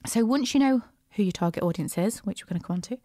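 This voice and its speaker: A woman hosting a business podcast, chatty and animated, with frequent asides and restarts. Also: mid-range voice, fast talker, no room sound, studio quality. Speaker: podcast host, business coach. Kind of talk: casual solo podcast talk.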